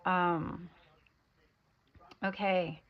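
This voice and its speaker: A woman's voice: on the low side, little pitch movement, drawn-out words. A woman with an American accent speaking in a meandering spiritual monologue, drifting between topics with lots of fillers. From United States. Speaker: spiritual vlogger. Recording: dull lo-fi recording.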